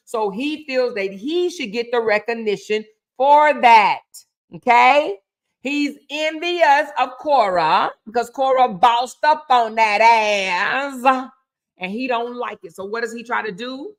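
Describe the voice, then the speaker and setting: A woman's voice: a little high, takes it slowly, fairly bright tone. A woman giving casual, sassy commentary, repeating points for emphasis.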